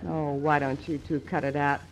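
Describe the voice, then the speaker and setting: A woman's voice: low voice, flat delivery, moderate pace, low-quality recording. A woman singer playing a teasing straight role in 1940s radio comedy, with dry wisecracks.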